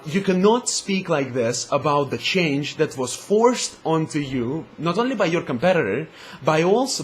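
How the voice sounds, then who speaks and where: A man hosting a gaming vlog, ranting with profanity and heavy sarcasm in a rambling, casual way. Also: fairly high pitch. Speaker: gaming video host.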